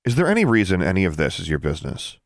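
A man's voice: sits low, huge pitch swings, rapid-fire, dry recording, clean studio sound, full character voice. A man voicing a defiant teenage witch girl who snaps indignant retorts.

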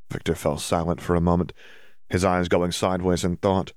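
A man narrating an audiobook in a slow, deliberate reading. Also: low-pitched, vocal fry, a little mellow, no room sound, studio quality.

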